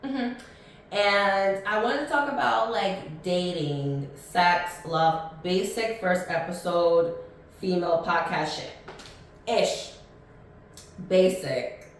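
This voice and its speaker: Speaking slowly in a fairly low voice, a woman of thirty runs a casual solo podcast where she's chatty, blunt, and rambling, with frequent ums and restarts. The distant mic picks up an echoey room and slight background noise.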